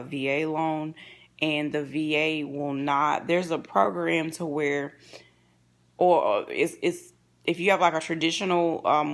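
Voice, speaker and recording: A woman's voice: low voice, creaky. A woman chatting casually on a home vlog, rambling and often searching for words with many fillers. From Mississippi, USA. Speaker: channel co-host, wife.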